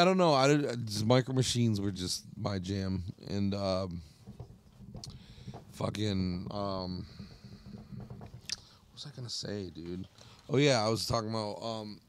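A man's voice: fairly low pitch, normal speed, slight background noise. A man co-hosting a casual podcast, laid-back and swearing often, calling his friend bro. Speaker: podcast co-host. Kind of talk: casual chat.

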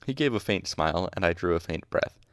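A man's voice: sits low, expressive, brisk, a bit bright, no echo, clean studio sound. A man casually reading a novel aloud, stopping now and then to correct his slips. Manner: informal, stops to correct slips. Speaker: audiobook reader. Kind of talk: casual amateur audiobook narration.

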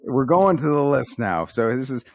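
A man runs through a string of corny one-liners on a casual podcast and delivers them deadpan. His voice sits at a middle pitch, and the sound is close and dry with no room echo. He keeps nudging his listeners to laugh. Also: moderate pace. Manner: deadpan joke delivery, coaxing laughs with "come on". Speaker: podcast co-host telling jokes.

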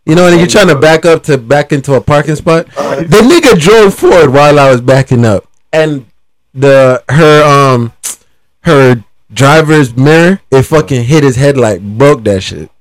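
Man, podcast host, storytelling, lively pitch, swearing, animated. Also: moderate pace, no room sound. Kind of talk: casual storytelling.

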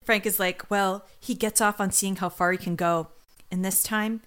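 A woman's voice: medium pitch, steady tone, normal speed, a bit bright, clear, resonant tone. A woman co-hosting a podcast, recapping a crime show in casual chat, joking and putting on voices for the characters. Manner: jokey, does voices of characters. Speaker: podcast co-host.

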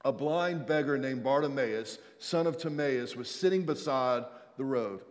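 A man preaching a sermon as a pastor in a church, energetic and calling out to the congregation, with jokey asides. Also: mid-range voice, a little slow. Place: church sanctuary. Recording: long church hall reverb.

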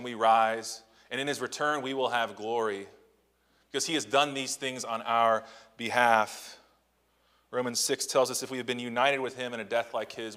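A man preaching a sermon in a church on a Sunday morning, talking conversationally and asking rhetorical questions, slowing down to stress key phrases. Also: mid-range voice, a bit bright, in a large hall. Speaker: pastor. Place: church sanctuary.

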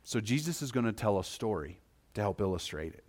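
A pastor with a lowish, very animated voice delivers a sermon in a conversational way, often checking in with the people listening. His delivery swings from soft and slow to loud and fast.

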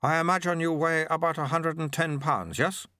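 A man voicing a brisk, dry-witted male monk who recruits a youth, speaking in a sardonic way. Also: a little high, sharp tone, dry recording, voice pushed up.

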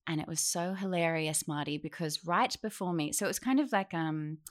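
A young woman, a guest on a podcast, telling a lively anecdote in casual conversation and acting out the voices of the people in it. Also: deep voice, a little fast. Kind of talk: casual storytelling interview.

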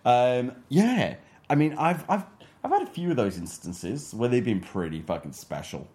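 A man's voice: medium pitch, very animated, moderate pace, a little mellow. A man from Wales co-hosting a podcast, chatting in a laid-back way and swearing freely. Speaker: podcast co-host. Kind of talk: casual chat.

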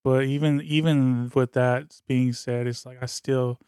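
A man's voice: medium pitch, level tone, measured pace, dark tone, clear, resonant tone, no echo, studio quality. A young man co-hosting a podcast, talking in laid-back slang with frequent swearing and chuckles. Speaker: podcast co-host. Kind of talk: casual chat.

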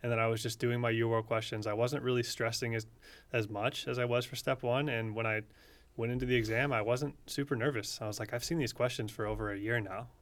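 A young man co-hosting a podcast, talking in a relaxed, conversational way and giving advice. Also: medium pitch, brisk. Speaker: podcast co-host, medical student. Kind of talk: casual podcast chat.

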